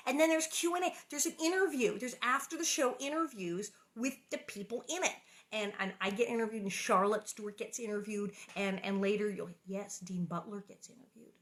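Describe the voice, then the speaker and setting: Bright-voiced chatty woman host. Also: medium pitch, fairly quick. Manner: chatty and rambling, with frequent laughs and jokes. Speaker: host reading a children's book aloud. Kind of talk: casual chat between chapters.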